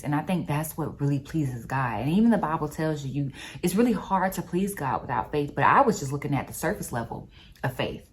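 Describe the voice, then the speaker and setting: Woman vlogger, low voice, animated storyteller, casual faith talk. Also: a little fast. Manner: animated storyteller, expressive and conversational.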